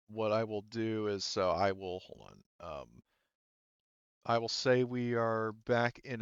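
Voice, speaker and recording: A man with a low, smooth, resonant voice narrates a tabletop game as its game master, often pausing with ums and restarting his sentences. The sound is dry and close, with a slightly dull, lo-fi quality. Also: dry recording. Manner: hesitant, many ums and restarts while describing scenes.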